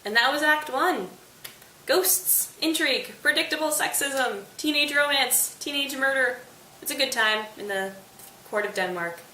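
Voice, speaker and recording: A young woman hosts a casual study summary, chatty and playful. Her voice sits a bit high and sounds roomy and far from the mic. A faint hiss runs underneath. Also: measured pace, pushed and bright. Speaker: host of a literature study channel. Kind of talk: casual plot summary for students. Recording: echoey room, distant mic, faint hiss.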